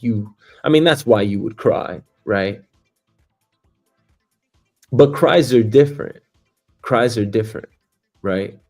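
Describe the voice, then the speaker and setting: A man's voice: on the low side, vocal fry, darkish tone. A man hosting his own livestream, ranting casually with lots of swearing and mocking laughs. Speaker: livestream host.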